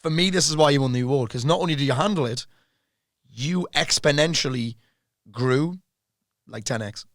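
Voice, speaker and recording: A man's voice: a little high, moderate pace, a bit bright, no echo, studio quality. A man mentoring a business client in a casual interview, blunt, swearing freely and laughing often.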